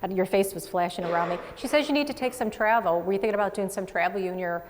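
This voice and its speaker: A female psychic medium hosts a show, offering chatty readings to a live studio audience, full of quick asides and frequent laughter. Her voice is medium-pitched, with a long reverb tail.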